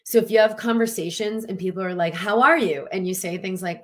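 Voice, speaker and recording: A woman coach giving a casual, animated motivational talk, acting out little quotes and filling with "like". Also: medium pitch, fairly quick, few pauses. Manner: animated, chatty, lots of "like" and acted-out quotes. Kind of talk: motivational talk to an online audience.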